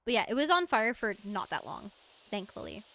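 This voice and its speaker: A woman's voice: medium pitch, big pitch swings, brisk, a bit bright, a little hiss or hum. An American woman streaming a game, chatting casually and rambling through stories with frequent laughs. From United States. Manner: chatty, rambling storyteller who laughs often. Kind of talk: casual stream chat while gaming.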